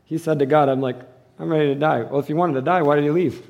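Male pastor, high-pitched voice, animated sermon, loud then hushed, church service. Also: fast, gravelly, lo-fi sound. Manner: animated preaching, swings between loud and hushed.

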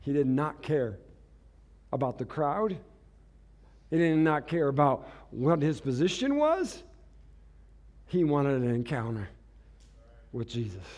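A man preaching in church with a fairly high voice. He moves from quiet, close lines to loud, dramatic outbursts and laughs easily between points. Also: sing-song, slow, long pauses. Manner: dramatic, swings from hushed to shouting; laughs often. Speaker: pastor. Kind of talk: sermon.

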